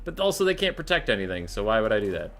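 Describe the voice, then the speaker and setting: An excitable man talks through his strategy game in casual commentary, swearing freely and chatting to himself. His voice is bright and sharp, and his pitch swings up and down a lot. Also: very fast. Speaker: streamer playing a strategy game.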